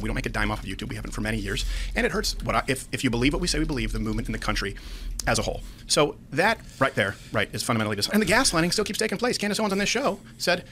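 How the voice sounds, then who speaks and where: A man arguing his case as a guest in a heated podcast discussion, rapid-fire and insistent. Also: mid-range voice, sharp tone, slight background noise.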